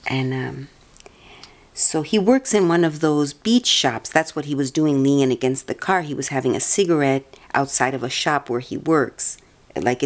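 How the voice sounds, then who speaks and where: A woman telling a personal story in a casual, meandering way, often restarting her sentences. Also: very deep voice. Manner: meandering, chatty, many restarts. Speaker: vlogger.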